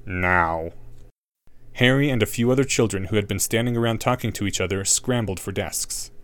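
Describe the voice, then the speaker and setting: A man narrating an audiobook with an expressive, wry reading. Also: fairly low pitch, quick pace.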